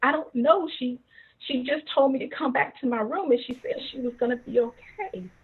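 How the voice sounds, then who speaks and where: A woman's voice: high voice, normal speed, slightly rough. A woman voicing her frightened child self, pleading anxiously with her mother. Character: frightened young girl, the narrator as a child. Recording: tinny phone-like audio.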